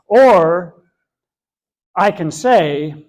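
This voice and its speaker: A man's voice: fairly high pitch, unhurried, pauses often. Earnest man teaching a church class. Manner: earnest, repeats and rephrases as he explains.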